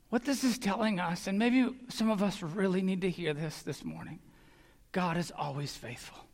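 A man preaching a sermon as pastor, earnest and emphatic, sometimes dropping to a hush. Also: high voice. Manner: earnest, emphatic, drops to a hush on key lines. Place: church sanctuary. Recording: long hall reverb.

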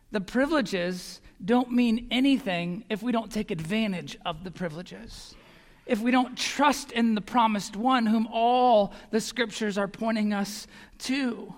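A man preaching a sermon as pastor, earnest and emphatic, sometimes dropping to a hush. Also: sits high, unhurried. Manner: earnest, emphatic, drops to a hush on key lines. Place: church sanctuary. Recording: long hall reverb.

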